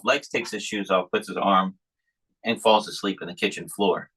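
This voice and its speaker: A man with a very low voice hosts a podcast in an easygoing chat. His tone is bright and forward, with a husky, rough edge, and he tells family stories in a rambling way. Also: steady tone, moderate pace, low-quality recording. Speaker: podcast host. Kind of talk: casual chat.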